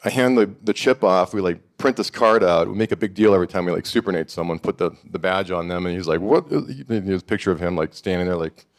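A middle-aged man from Montana telling a lively story on a panel, acting out the people he quotes. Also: deep voice, quick pace, few pauses. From Montana, USA. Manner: animated storyteller, acts out quoted voices. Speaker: founder of a summit and network.

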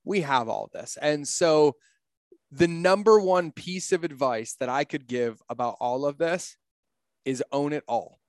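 A man's voice: on the high side, unhurried, dry recording. A middle-aged man talking in a casual podcast conversation, blunt, profane and emphatic, telling stories from his life. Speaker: podcast guest, entrepreneur.

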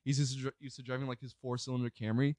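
A young man telling a story in casual chat, rambling, swearing freely and filling every pause with "like". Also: mid-range voice, level tone, a little mellow, dry recording. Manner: rambling, swears a lot, fills with "like".

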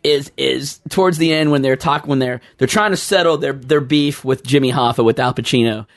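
A man chatting casually as a podcast co-host, telling stories in an animated, rambling way. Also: medium pitch, moderate pace. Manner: animated storyteller, rambling restarts, laughs mid-story. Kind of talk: casual chat.

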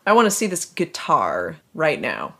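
Woman reading an angry little pirate guy, seething, low-ish. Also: huge pitch swings, normal speed, a bit bright, exaggerated voice. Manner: seething, demanding. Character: petite fierce male space pirate.

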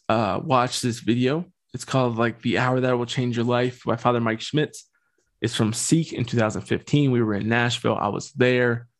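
Slangy young man riffing on scripture. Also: mid-range voice. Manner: slangy, joking, loose with fillers. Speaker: podcast host. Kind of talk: casual scripture talk.

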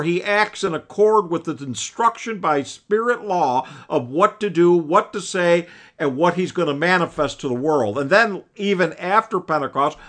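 A man's voice: fairly high pitch, fairly bright tone. A man teaching a Bible class over a video call, preaching in an earnest, emphatic way and often recounting what his old teacher told him. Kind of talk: preaching lecture.

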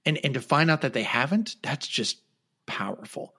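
A man's voice: mid-range voice, animated, normal speed, sharp tone, husky. A man hosting an interview, responding reflectively and repeating phrases for emphasis. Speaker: host. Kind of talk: interview conversation.

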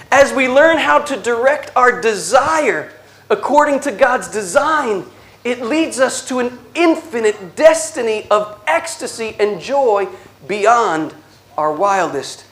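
A man giving an inspirational religious talk, telling stories slowly with dramatic pauses and a playful, animated delivery. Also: very high-pitched. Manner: slow dramatic storytelling with pauses. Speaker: Catholic speaker.

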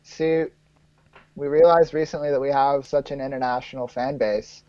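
Male podcast co-host, mellow tone, teasing and giggly, muffled dry mic. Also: medium pitch, fairly even intonation, no echo. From United States. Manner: teasing, quick to laugh. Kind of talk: casual chat.

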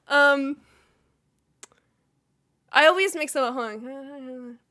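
Young woman, podcast host, casual chat, giggly, self-deprecating, high voice, lots of fillers. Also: takes it slowly, sharp tone.

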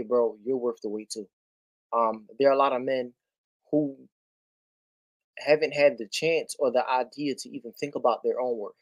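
A man chatting as a guest on a video-call livestream, talking with many fillers and getting animated in quick bursts. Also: mid-range voice, dry recording. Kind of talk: casual chat.

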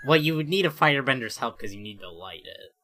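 Bright-voiced blunt podcast co-host. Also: mid-range voice, lively intonation, fast. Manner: blunt, swears, steers topics. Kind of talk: casual chat.

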